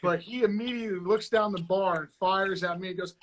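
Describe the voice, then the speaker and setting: A man co-hosting a casual chat show, telling a dating story with animated, acted-out quotes. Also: high voice, brisk, low-quality recording. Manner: animated, acts out quoted voices. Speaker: co-host.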